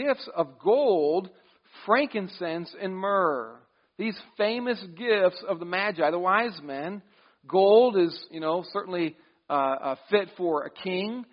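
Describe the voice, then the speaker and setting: High-voiced pastor preaching conversationally. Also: male voice, dull audio. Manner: conversational, with restarts and quoted asides. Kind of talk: sermon.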